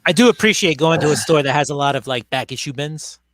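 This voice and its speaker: A man with a somewhat high voice chats in a relaxed, halting way, filling pauses with "like" and "so". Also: dry recording. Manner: relaxed, hesitant, with many fillers. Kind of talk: casual late-night chat.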